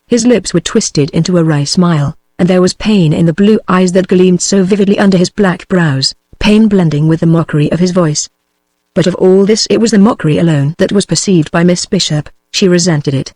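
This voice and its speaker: In even, steady audiobook narration, a British-accented synthetic female voice reads an adventure novel aloud. The voice is on the low side and moves at normal speed, with no echo.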